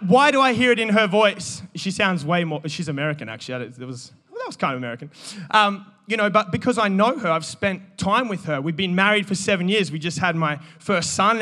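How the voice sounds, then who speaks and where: High, bright-voiced pastor. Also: male voice, a little fast. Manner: animated, joking, calls out to the congregation. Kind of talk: energetic sermon with audience banter.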